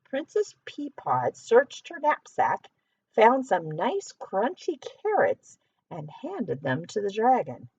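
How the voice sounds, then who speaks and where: A woman reading a children's story aloud, animated, pausing to ask the young listener questions. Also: mid-range voice, slightly rough, no room sound, highs cut off.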